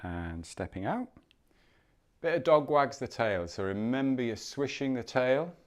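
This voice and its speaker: Leading morning movement instruction, a man speaks at a mid pitch in an even, steady way. His cues come slowly and calmly, laced with gentle encouragement, and his distance from the mic shifts while he shows the moves.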